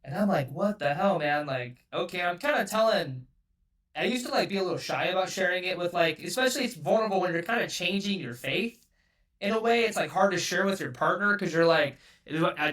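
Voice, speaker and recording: Man from California, podcast guest, casual rambling storytelling, fairly high voice, heavy swearing and filler words, a little off-mic. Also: fairly bright tone, distant mic. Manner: loose, rambling, swears often, many fillers like "like".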